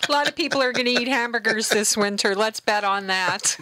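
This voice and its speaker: A woman's voice: on the high side, a little fast, bright, forceful tone. A woman co-hosting a political talk radio show, agreeing often and adding wry remarks. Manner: frequent agreeing interjections, wry.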